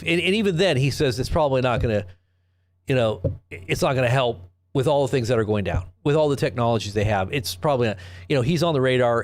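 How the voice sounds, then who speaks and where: A man hosting a live commentary stream, talking in a rambling, sarcastic way with frequent restarts and rhetorical questions. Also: medium pitch. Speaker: host of a live news commentary channel.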